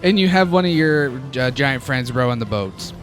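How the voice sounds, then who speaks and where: A man's voice: medium pitch, lively intonation, normal speed. A man narrating and running a tabletop game in a casual, laughing manner. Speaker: game master. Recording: background music. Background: music.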